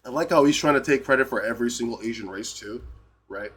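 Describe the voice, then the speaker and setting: A husky, fairly bright mid-range voice belongs to an American man ranting fast on a live stream. He's heated and profane, constantly punctuating his points with "right?"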